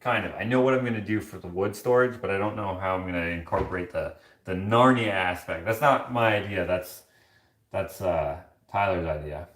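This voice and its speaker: Man, lowish voice, casual rambling chat, filler-heavy, echoey kitchen. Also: moderate pace, fairly bright tone. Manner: rambling, chatty storytelling with many fillers. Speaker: livestream host reading chat. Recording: echoey room.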